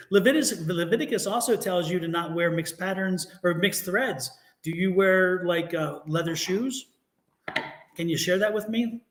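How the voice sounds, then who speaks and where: A man co-hosting a tarot reading stream, telling stories in a lively, animated way and laughing often. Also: high voice, moderate pace, roomy sound. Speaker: tarot reader co-host. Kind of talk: casual live-stream chat.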